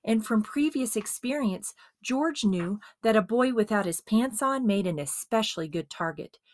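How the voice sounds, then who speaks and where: A woman narrating a dramatized biography as an audiobook, with expressive storytelling. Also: medium pitch, normal speed.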